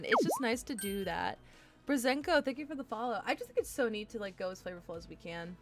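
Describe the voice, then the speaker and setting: Excitable woman chatting while building a deck. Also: medium pitch, a little fast, faint music behind. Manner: excitable, talks to herself while browsing cards. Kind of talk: casual live-stream deckbuilding chat.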